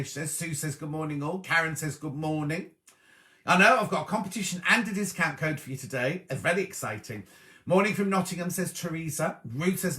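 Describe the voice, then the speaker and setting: A middle-aged man with a bright, clear tone, talking a little higher than most men. He hosts a live sewing stream in a chatty, friendly way, reading viewer messages aloud and greeting each person by name. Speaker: host of a live sewing show.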